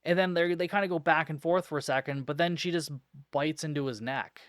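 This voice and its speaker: A man's voice: fairly high pitch, fairly quick, a bit bright, no echo, studio quality. A man hosting a podcast, recapping a film in a casual, sarcastic and exasperated way, swearing constantly. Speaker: podcast host reviewing a film. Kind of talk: casual profane movie recap.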